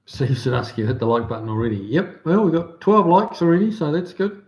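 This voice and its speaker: A man's voice: on the high side, sing-song, a little fast. A man with a New Zealand accent hosting a livestream, chatting casually and reading out viewer comments with lots of ums and restarts. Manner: laid-back, many ums and restarts. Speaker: livestream host. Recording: roomy echo.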